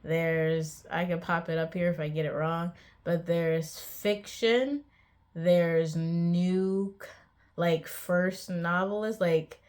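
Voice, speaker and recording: A young woman talks straight to the camera in a relaxed home vlog. Her voice sits a little low, and she rambles with frequent ums and small pauses. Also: clean tone. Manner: chatty and hesitant, many ums, light laughs. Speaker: author vlogger. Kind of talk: casual vlog monologue.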